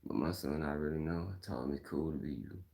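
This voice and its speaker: Deep-voiced Mississippi man, blunt and slangy. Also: fast, gravelly, warm tone. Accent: Mississippi Southern. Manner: blunt and opinionated, slangy, repeats points. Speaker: live-stream host. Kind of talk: casual live-stream talk.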